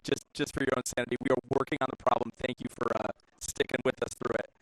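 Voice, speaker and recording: A man's voice: medium pitch, flat delivery, fast talker, a bit bright, no echo, low-quality recording. A man casting a live game tournament, chatty and filling dead air while troubleshooting. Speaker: shoutcaster. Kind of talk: esports commentary.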